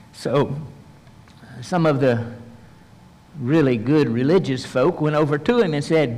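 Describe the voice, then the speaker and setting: A man's voice: fairly high pitch, animated, measured pace, vocal fry, long pauses. A male pastor preaching a sermon and leading a prayer. He retells a story vividly and acts out the voices of the people in it. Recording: long reverb, large hall.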